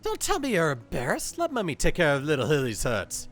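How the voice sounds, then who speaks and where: A man's voice: on the high side, huge pitch swings, brisk, fairly bright tone, pitched above the performer's own voice. A man voicing a doting, fussy noble mother in a game, cooing over her grown son.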